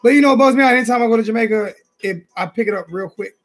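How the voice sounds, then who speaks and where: A man's voice: very high-pitched, rapid-fire. A man hosting a casual sports talk show, loose and joking, often repeating his phrases. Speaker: host. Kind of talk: casual call-in chat.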